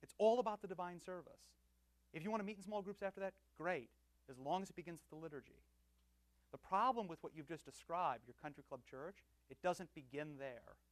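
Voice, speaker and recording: A man preaching as pastor, teaching with banter and swinging from soft asides to loud emphatic bursts. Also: a little high, no room sound. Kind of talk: teaching sermon with audience banter.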